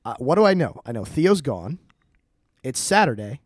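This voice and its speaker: A young man in casual podcast chat, telling a rambling, animated story and swearing often. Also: mid-range voice, normal speed, no room sound, clean studio sound. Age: young adult. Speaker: podcast co-host.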